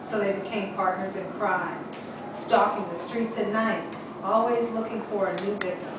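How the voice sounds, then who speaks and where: A woman improv student narrating her part of a group story in a measured way. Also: mid-range voice, fairly even intonation, background noise. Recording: echoey room from far off.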